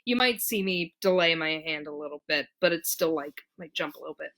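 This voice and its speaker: A woman's voice: deep voice, fairly quick, over loud music. A woman teaching ukulele in a casual tutorial, counting beats aloud with many ums. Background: her own ukulele strumming.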